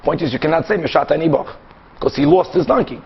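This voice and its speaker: High-voiced animated rabbi teaching Talmud. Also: male voice, creaky, husky, highs cut off. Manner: animated, acts out both sides of cases with quick back-and-forth. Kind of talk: Talmud class lecture.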